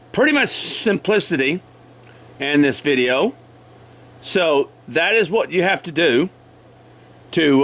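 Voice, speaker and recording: A man with a cold teaching woodcarving in a folksy, repetitive way, often clearing his throat and apologizing. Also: fairly high pitch, fairly bright tone. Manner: folksy, repeats measurements, frequent throat clearing. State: has a cold. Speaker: woodcarving instructor. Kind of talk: casual step-by-step demonstration.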